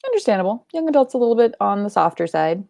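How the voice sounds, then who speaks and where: Young woman host, loose chatty delivery with fillers and swearing; creaky tone, dry room. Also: mid-range voice, very animated, quick pace, mellow, no echo. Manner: chatty, swears casually, many filler likes and ums. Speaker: book club live show host. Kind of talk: casual livestream chat reading comments.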